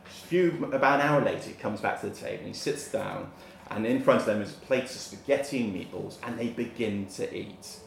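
A man's voice: lowish voice, a little fast, creaky, reverberant, slight background noise. A man telling a comic story on stage in a live venue, laughing at his own jokes. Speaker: comedian. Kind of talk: stand-up storytelling.

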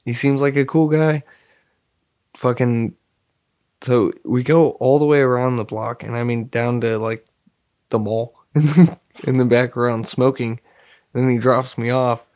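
A young man telling stories in a relaxed, rambling way, full of slang and swearing. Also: medium pitch. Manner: laid-back, rambling storyteller with lots of slang and swearing. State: dry mouth, slightly hoarse. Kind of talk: casual chat.

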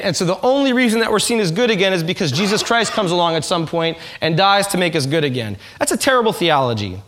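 Man, high voice, pastor, conversational sermon, church congregation, acts out quotes. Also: fairly bright tone. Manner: conversational, asks the congregation questions.

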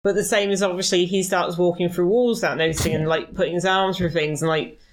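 Low-ish woman chatting about a book, thinks out loud, restarts a lot. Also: fairly even intonation. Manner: quick, thinks aloud with restarts, acts out quotes. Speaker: podcast co-host. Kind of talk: casual book discussion.

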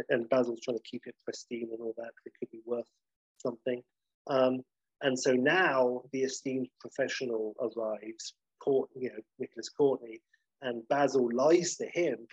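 A man's voice: medium pitch, a little mellow, slightly rough, dry recording, lo-fi sound. A man casually recapping a sitcom episode, rambling with fillers.

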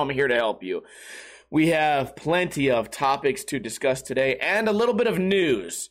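Profane sarcastic podcast host, high voice. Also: male voice, fairly bright tone. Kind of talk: casual comedic podcast monologue.

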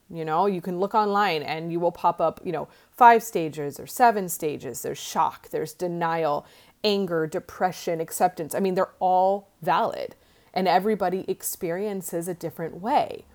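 A woman's voice: on the low side, darkish tone. A woman coach speaking to her listeners in a conversational, encouraging way, with many fillers. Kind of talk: podcast monologue.

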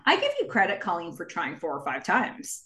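A woman's voice: on the low side, huge pitch swings, fairly quick, fairly bright tone. A woman co-hosting a podcast in casual chat, reading listener emails aloud and laughing often. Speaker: podcast co-host.

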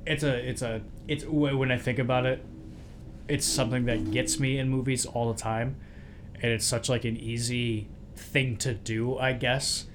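A man's voice: medium pitch, fairly even intonation, normal speed, background noise. Earnest man gushing about a favorite film. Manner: earnest, rambling with fillers and restarts. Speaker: podcast co-host. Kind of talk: casual movie chat.

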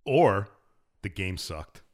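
A man's voice: low-pitched, sing-song, slow, a little mellow. A man co-hosting a casual podcast, chiming in with dry, sarcastic quips. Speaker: podcast co-host.

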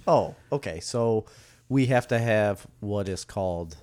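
A man co-hosting a casual podcast, chatty and quick to laugh along. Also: on the low side, expressive, a little mellow. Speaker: podcast co-host.

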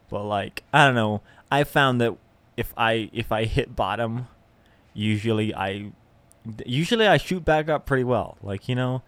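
Here the solo podcast host has a mid-range, slightly bright, clean-toned voice with no echo. He's young and casual, wandering through his thoughts with self-deprecating humor and lots of fillers and restarts.

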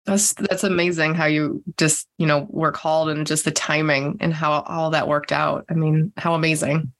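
Interviewer, encouraging, gravelly, mid pitch. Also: flat delivery, normal speed, fairly bright tone. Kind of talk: interview questions.

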